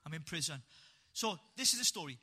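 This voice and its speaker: A Welsh man telling his life story as a testimony to a live audience, animated and humorous, with punchy asides. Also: on the high side, brisk, husky.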